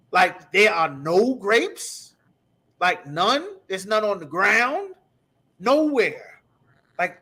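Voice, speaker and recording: A man's voice: sits high, bright, forceful tone. A man teaching a scripture class, ranting in an emphatic, profane, repetitive way. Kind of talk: heated scripture breakdown.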